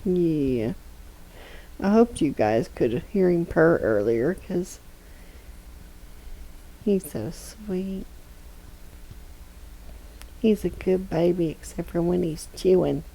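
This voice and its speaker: A woman gaming from her home desk chats casually with her cat, talking slowly and softly in animated baby talk. Her low voice has a gravelly fry and a dark, mellow tone, captured through a desk microphone with poor audio.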